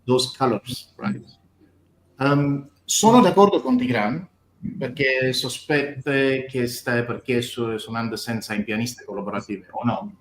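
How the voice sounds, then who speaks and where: A man who is an orchestra conductor giving feedback haltingly, searching for words in a language that is not his first. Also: medium pitch. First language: not Italian. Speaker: orchestra conductor on a judging panel. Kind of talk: spoken feedback to a performer. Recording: roomy with faint background noise.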